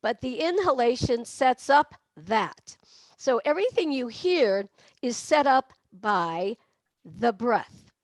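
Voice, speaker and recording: A woman's voice: fairly high pitch, expressive, slow pace, no echo, clean studio sound. Woman coaching singing breath exercises. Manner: demonstrative, breaks into barks, meows and sung laughs. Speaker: vocal coach. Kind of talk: online voice lesson.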